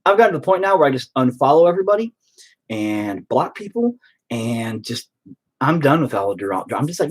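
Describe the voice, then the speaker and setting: Late-30s male streamer: husky, animated delivery, blunt profane rant. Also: medium pitch, brisk. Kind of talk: casual rant.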